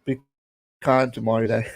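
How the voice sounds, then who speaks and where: A South African man in his late twenties hosting a casual live watch-along, chatting and cheering excitedly at the game. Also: mid-range voice, measured pace, poor audio. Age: late 20s. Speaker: live-stream host.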